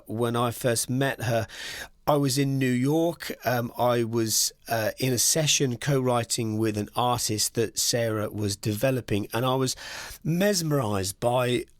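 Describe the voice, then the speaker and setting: A man's voice: medium pitch, dry recording. Man, podcast host, eager chatty delivery, mid-range voice, dry close sound. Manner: enthusiastic, conversational, many "you know"s. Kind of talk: podcast monologue.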